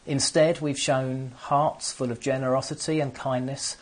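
A man's voice: mid-range voice, flat delivery, unhurried. A man preaching a sermon to an empty room, earnest and often restarting his phrases. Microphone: camera on stands.

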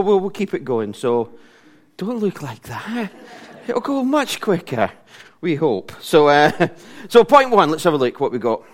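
A middle-aged man, preaching a casual sermon in a church, chatty and self-deprecating, laughing often. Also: medium pitch. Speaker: pastor.

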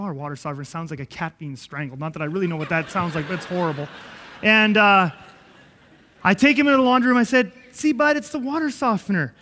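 A man giving a conversational sermon-style teaching, telling animated stories that act out dialogue and chuckling often. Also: high-pitched. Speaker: Christian preacher and father. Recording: long hall reverb.

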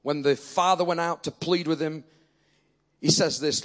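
Male preacher, high voice, animated sermon delivery that builds to forceful exhortation. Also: moderate pace. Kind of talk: sermon with storytelling.

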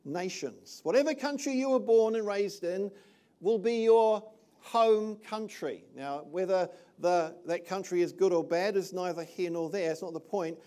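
A man's voice: sits high, measured pace, warm tone. An older man from New Zealand preaching a sermon in a conversational way, often checking in with the listeners. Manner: conversational, checks in with "all right?". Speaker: pastor.

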